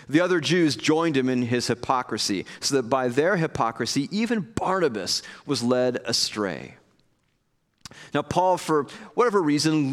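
A man preaching a sermon in a casual, conversational way, acting out scenes with playful asides. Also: mid-range voice. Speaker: pastor. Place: church hall with live audience. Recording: long hall reverb.

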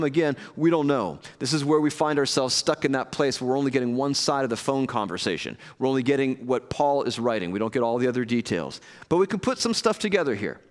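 A man preaching a sermon in a casual, conversational way, acting out scenes with playful asides. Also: a little high. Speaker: pastor. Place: church hall with live audience. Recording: long hall reverb.

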